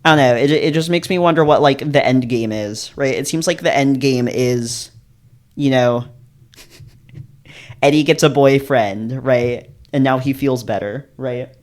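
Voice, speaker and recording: Brief: male host, casual musing commentary, laughs a lot, mid pitch. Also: measured pace. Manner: musing, laughs often, repeats "right?". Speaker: channel host reading a visual novel. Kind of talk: casual commentary on a visual novel.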